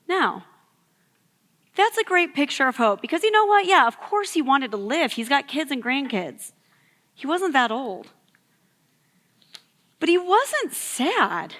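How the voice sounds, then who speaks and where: A woman in her thirties preaches to a youth gathering, telling a personal story in an easy, conversational way full of "like" and "um." Her voice sits high and sounds bright and forward. It carries a long echo from the hall she speaks in. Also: big pitch swings, measured pace, pauses often. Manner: storytelling, conversational with many fillers. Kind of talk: sermon. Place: church hall. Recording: echoey hall.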